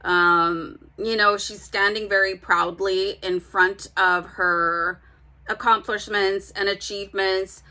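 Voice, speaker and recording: A woman's voice: medium pitch, steady tone, slow, sharp tone. A woman giving a casual tarot reading, chatting directly to her viewers with plenty of fillers. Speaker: tarot reader.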